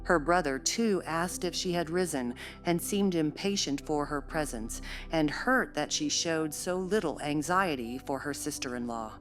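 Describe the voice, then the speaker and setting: A woman narrating a classic novel in a measured, steady storytelling voice. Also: deep voice, soft background music. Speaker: audiobook narrator.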